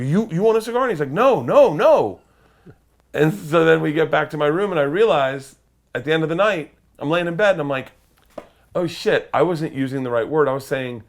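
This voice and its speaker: A middle-aged comedian telling wild stories as a guest, swearing freely and acting out the other people's voices, sometimes shouting. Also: male voice, mid-range voice. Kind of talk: animated storytelling.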